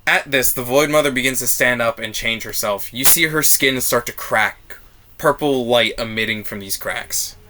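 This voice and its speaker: Bright-voiced male game master. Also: medium pitch, moderate pace. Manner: animated, laughs while narrating. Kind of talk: narrating a tabletop game.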